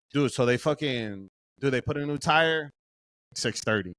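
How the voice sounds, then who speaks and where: A man's voice: mid-range voice, normal speed, dry recording. A young man from Southern California, a podcast co-host, telling a profane story in casual chat and acting out what everyone said. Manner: profane, animated storytelling, quotes himself.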